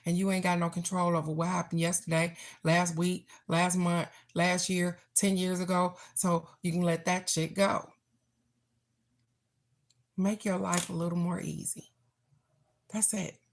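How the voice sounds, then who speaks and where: A middle-aged woman with a somewhat low voice hosts a relaxed card reading for her online viewers. She talks straight to them in a blunt, affectionate, chatty way. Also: unhurried. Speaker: oracle card reader. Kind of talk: casual live-stream card reading.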